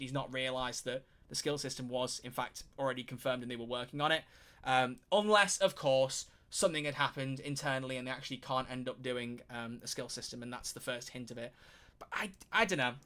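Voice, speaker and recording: A man streaming live, talking in casual commentary with animated, rambling energy and frequent swearing. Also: medium pitch.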